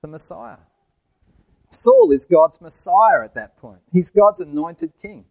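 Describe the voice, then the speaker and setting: Man preaching a lively sermon. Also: fairly high pitch, unhurried, no echo, rough recording. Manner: asks the congregation questions, tells jokes. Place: church.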